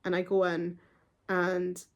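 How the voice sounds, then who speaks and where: A woman's voice: on the low side, completely flat delivery, slow, lo-fi sound. Young female vlogger; casual, rambling storyteller straight to camera. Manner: chatty and rambling, with frequent "like" and restarts.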